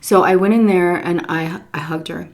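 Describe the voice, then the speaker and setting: A woman with a slightly low voice tells a long story while eating on camera. She is animated and expressive, often switching to high voices for the people she quotes. Between bites she drops into soft whispers. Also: moderate pace. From Texas. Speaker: mukbang storyteller.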